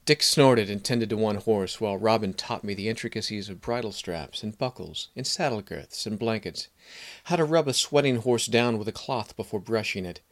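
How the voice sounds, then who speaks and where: Low-voiced man reading a fantasy story. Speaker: narrator. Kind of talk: audiobook fantasy narration.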